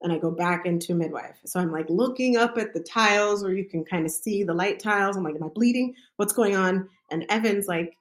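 Woman, midwife, casual storytelling, slightly low pitch, chatty, lots of fillers. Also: fairly quick, hardly any pauses. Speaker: midwife telling her own birth story.

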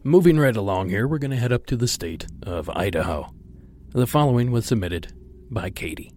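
A male podcast host who introduces listener stories in a calm, measured way. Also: lowish voice.

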